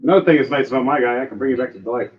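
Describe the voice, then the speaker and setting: A man narrating as game master of a tabletop game, lively and full of sound effects. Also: medium pitch, rapid-fire, muffled recording.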